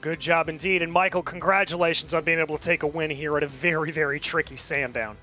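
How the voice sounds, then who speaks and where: High-voiced race broadcaster over music. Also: male voice, fairly even intonation, quick pace, sharp tone. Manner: polished, formal broadcaster delivery. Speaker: race commentator and broadcast host. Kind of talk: broadcast sign-off.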